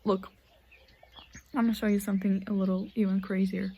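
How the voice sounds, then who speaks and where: A woman's voice: mid-range voice, little pitch movement, fairly quick, dark tone, husky, lo-fi sound. An eighteen-year-old woman vlogging casually outdoors in a forest, rambling and hesitant and sometimes dropping to a whisper. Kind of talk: casual chat.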